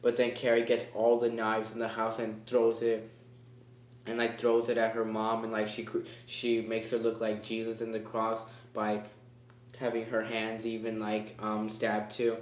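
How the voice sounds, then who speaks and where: A man's voice: fairly low pitch, completely flat delivery, moderate pace. A man giving a casual spoken movie review. He rambles and hesitates, with lots of fillers. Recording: echoey room.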